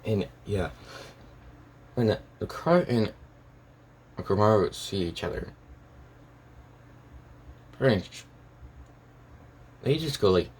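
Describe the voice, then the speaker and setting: Low-voiced man rambling through a story. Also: animated, slow pace, long pauses, a little mellow, a little hiss or hum. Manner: rambling, full of "and yeah" fillers and restarts. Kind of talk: casual fan story narration.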